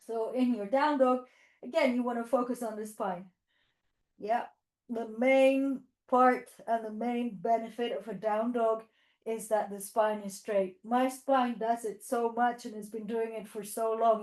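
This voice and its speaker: A woman's highish, darkish voice echoes around the room in this low-quality recording. She's giving a yoga demonstration to teachers, cueing poses, encouraging them, and using playful animal sounds for kids.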